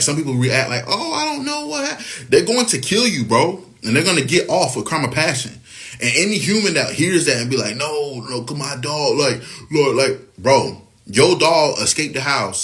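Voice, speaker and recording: A man's voice: medium pitch, a bit bright. Man, casual monologue, mid-range voice, profane, rambling, checks in with the listener. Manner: profane, rambling, keeps asking "you know what I'm saying".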